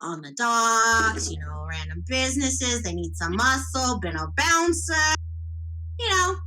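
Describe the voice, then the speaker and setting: Woman playing a burly flirty bruiser, mischievous, bright tone, slow delivery, tabletop game. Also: sing-song, heavily acted, low-quality recording. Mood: teasing. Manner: teasing, drops low and purring when threatening.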